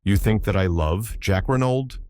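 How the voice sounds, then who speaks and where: A man's voice: on the low side, measured pace, darkish tone, a little hiss or hum, close to an everyday voice. A man voicing a distraught young woman in love, pleading in a choked, emotional voice. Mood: whispering.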